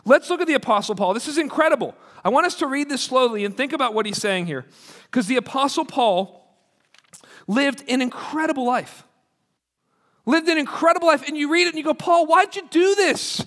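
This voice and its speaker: A man's voice: very high-pitched, animated, brisk, a bit bright. A man preaching a sermon as pastor, in an emphatic, urgent way. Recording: long hall reverb.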